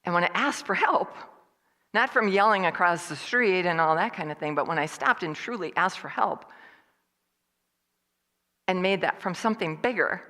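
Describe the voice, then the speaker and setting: A woman speaking at a church service, telling a personal story in a lively way and acting out what other people said. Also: lowish voice, moderate pace, long pauses, big-room sound. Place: church hall.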